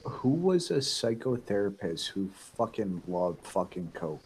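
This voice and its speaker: A man's voice: on the low side, sing-song, unhurried, a little mellow, husky, low-quality recording. A man in casual chat who shares odd trivia and swears casually.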